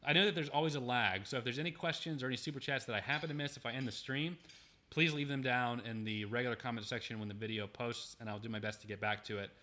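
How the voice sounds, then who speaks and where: Fast-talking bright young man hosting a livestream. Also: medium pitch. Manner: reads viewer messages aloud, grateful, frequent restarts. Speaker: livestream host. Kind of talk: casual livestream chat.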